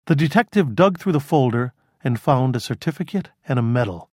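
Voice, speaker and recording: With a mid-range voice, a man reads a crime novel audiobook in steady, measured scripted narration. The studio recording is clean, without any echo.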